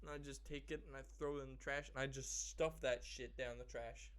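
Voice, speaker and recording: Speaking at a medium pitch and a fairly quick clip, a podcast host from a Persian family spins an animated yarn in casual conversation. He curses freely and performs the quotes of the characters involved.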